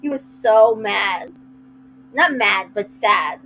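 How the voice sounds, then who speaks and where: A woman's voice: medium pitch, expressive, takes it slowly, fairly bright tone, slight background noise, poor audio. A woman casually recapping a reality show, chatty and retelling scenes with little quoted asides. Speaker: recap host.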